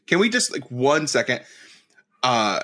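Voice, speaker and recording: A man's voice: medium pitch, a little slow. A man co-hosting a podcast in casual comedic chat, his voice swinging widely up and down as he jokes. He swears freely and keeps things loose. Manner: animated, jokey, swears freely. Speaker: podcast co-host.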